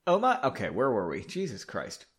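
A man's voice: mid-range voice, wildly swooping pitch, moderate pace. Sarcastic man reading a story aloud. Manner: sarcastic, mocking interruptions. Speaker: podcast host. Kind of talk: comic reading with asides.

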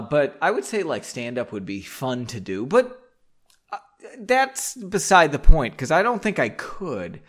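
A man's voice: on the high side, fairly bright tone. A man hosting a casual podcast, reading his own book aloud with joking, self-deprecating tangents and frequent swearing, in a home basement.

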